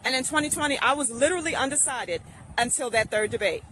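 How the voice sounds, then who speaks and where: A speaker recounting a personal story in a steady, matter-of-fact way. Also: sits high, quick pace, slight background noise, poor audio. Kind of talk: casual personal monologue.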